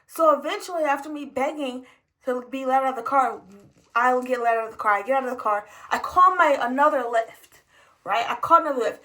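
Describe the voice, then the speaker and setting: A young woman who works as an emergency department tech, telling a story in a fast, exasperated and profane rant. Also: high voice, bright, forceful tone, low-quality recording.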